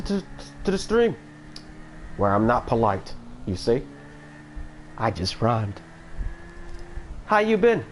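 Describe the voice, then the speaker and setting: A man's voice: sits high, slight background noise, poor audio. A man chatting casually on a live stream, rambling with many restarts and frequent swearing.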